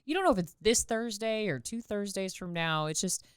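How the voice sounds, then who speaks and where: Chatty woman with a smooth, dry voice. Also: mid-range voice, lively intonation, fairly quick, no echo. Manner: chatty, joking, laughs often. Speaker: podcast co-host. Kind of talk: casual chat.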